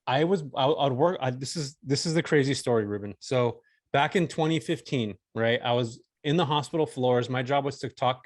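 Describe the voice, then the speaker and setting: In a casual storytelling interview, a man in his forties from California chats as a podcast guest, relaxed and slangy with lots of "dude" and "bro." His voice sits in the mid-range, and the recording has no room sound.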